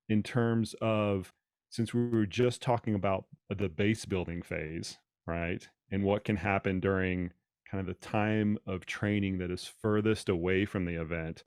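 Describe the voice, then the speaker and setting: A man's voice: on the low side, a little mellow, no echo, clean studio sound. A man hosting a podcast and talking casually about training, thinking aloud and often repeating words. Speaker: podcast host and running coach.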